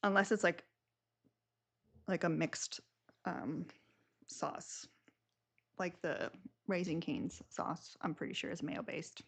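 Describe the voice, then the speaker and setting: A woman's voice: on the low side, fairly even intonation, takes it slowly, vocal fry, long pauses, breathy edge. A young woman hosting a live stream, chatting casually and rambling with lots of filler words.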